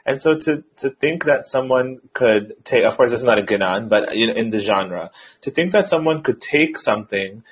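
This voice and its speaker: A man, a musician guest in an interview, speaking in a calm, reflective way. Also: medium pitch, normal speed, husky. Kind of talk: casual interview chat. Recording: dull lo-fi audio.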